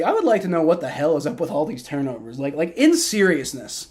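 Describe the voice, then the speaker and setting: Male streamer, high voice, rowdy live play-by-play reactor who talks to chat. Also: a little fast, few pauses, slight background noise. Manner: excitable, swears and shouts at bad plays, chats with viewers. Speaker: livestream host.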